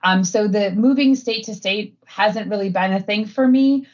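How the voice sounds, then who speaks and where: A woman's voice: medium pitch, moderate pace, darkish tone, muffled recording. A middle-aged woman from Wisconsin, chatting casually as an interview guest and filling her talk with "um" and "like". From Wisconsin, USA. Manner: chatty, frequent fillers and laughs. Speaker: guest, head of sustainability.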